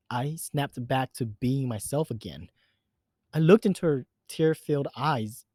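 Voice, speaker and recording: A man's voice: mid-range voice, a little mellow, no echo. Male horror-story narrator, earnest and emphatic, dry close recording.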